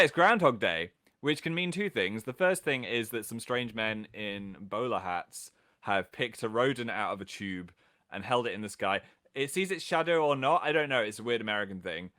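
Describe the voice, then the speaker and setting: A man's voice: mid-range voice, pushed and bright. A man hosting a casual livestream, chatting playfully and reading out viewers' comments with a jokey, self-mocking manner. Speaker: livestream host.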